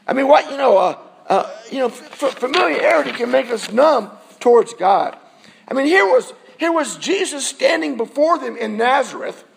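High-voiced, creaky male pastor preaching. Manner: conversational preaching with rhetorical questions to the congregation. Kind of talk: sermon. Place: church.

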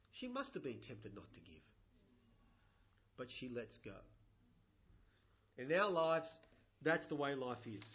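Male pastor, conversational sermon, bright ringing high voice. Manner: conversational, many 'you know' fillers, rising emphatic bursts. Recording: dull lo-fi recording.

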